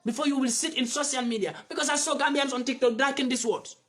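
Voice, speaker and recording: A man's voice: very high-pitched, fairly even intonation, fast, a bit bright. A man delivering an impassioned, repetitive monologue as an activist commentator, from West Africa. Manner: fiery, repetitive, preaching.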